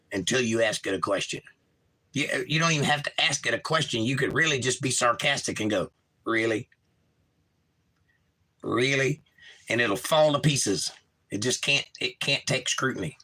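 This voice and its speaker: A man hosting a live stream, chatting casually and reading viewer comments aloud, with an animated, jumpy delivery. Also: normal speed. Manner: reads chat messages aloud and answers them warmly; animated, pitch jumps when reading comments. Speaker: livestream host.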